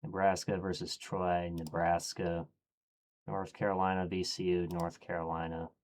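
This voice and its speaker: A man streaming, thinking aloud in a casual, low-key way as he murmurs his choices one after another. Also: little pitch movement, moderate pace, a little mellow.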